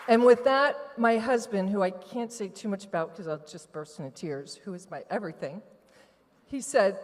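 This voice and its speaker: A woman's voice: medium pitch, expressive, moderate pace, a faint crowd, slight background noise. A woman giving a candid, emotional personal testimony to a live audience from a stage. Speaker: retreat participant giving testimony. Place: large event hall on stage. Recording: long hall reverb from a live venue.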